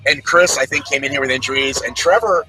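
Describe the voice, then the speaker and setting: A man's voice: medium pitch, fast, background noise. A man guesting on a live race stream, talking in a brash, profane, self-mocking way. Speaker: guest commentator. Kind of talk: casual joking live-stream chat.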